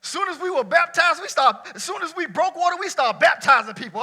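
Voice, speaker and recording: A man preaching a sermon to a church congregation, talking casually, shouting at some points and dropping low at others. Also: fairly quick. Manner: lively colloquial preaching, swinging between shouts and near-quiet asides. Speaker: pastor.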